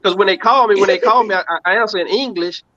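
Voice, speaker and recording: A man's voice: high-pitched, fast, bright, forceful tone. A man on a veterans' podcast giving blunt advice, stammering through restarts. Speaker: podcast guest. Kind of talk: casual banter among veterans. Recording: dull lo-fi sound.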